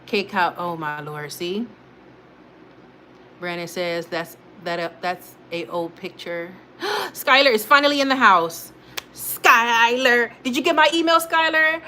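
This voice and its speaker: Bright-voiced woman chatting on a livestream. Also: medium pitch, slight background noise. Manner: chatty, laughs often, talks back to chat. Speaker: livestream host. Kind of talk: casual livestream chat reading comments.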